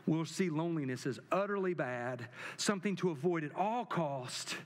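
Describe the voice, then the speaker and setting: In a large church hall with long reverb, a male pastor preaches a sermon, building emphasis through rising, repeated phrases. His voice is fairly high and expressive, delivered at a moderate pace.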